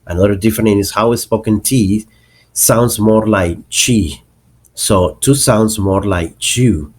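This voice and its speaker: A man narrating a lesson on English accents, explaining slowly and deliberately and spelling out example words. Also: fairly low pitch, steady tone, a little mellow.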